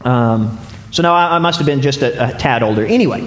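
A man's voice: mid-range voice, a little fast, a bit bright. A young man preaching a sermon, telling a story and asking the congregation questions. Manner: storytelling, asks the audience questions. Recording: echoey hall with long reverb.

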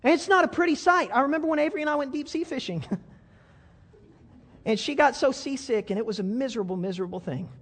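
A man's voice: extremely high pitch, lively intonation, fast, a bit bright, in a large hall. A man preaching a sermon as a pastor, telling a story in a folksy way with frequent stammered restarts.

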